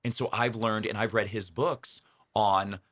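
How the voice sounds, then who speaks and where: A young comedian tells his stories in a radio studio, rambling and self-deprecating. His voice sits very low but carries a forceful, bright edge. The sound is dry and close, with almost no room around it. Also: steady tone, measured pace, no room sound. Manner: chatty, self-deprecating, rambling with fillers and laughs. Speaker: comedian, radio interview guest. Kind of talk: casual interview storytelling.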